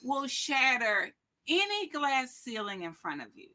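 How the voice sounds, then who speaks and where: A woman's voice: high voice, big pitch swings, a little slow, sharp tone. A middle-aged woman speaking as a motivational speaker, telling a personal story with energy and expression, acting out the dialogue.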